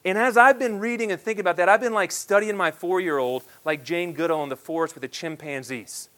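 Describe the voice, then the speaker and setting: A man in his thirties preaching a sermon, swinging between loud, emphatic declarations and hushed, quiet asides. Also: sits high, a little fast. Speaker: pastor.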